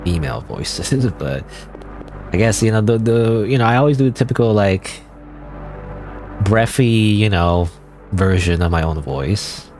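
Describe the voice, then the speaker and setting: A man's voice: on the low side, animated, measured pace, darkish tone. A man streaming a video game, chatting casually and rambling with lots of "like" and "you know". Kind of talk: casual let's-play commentary. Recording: game music playing under voice.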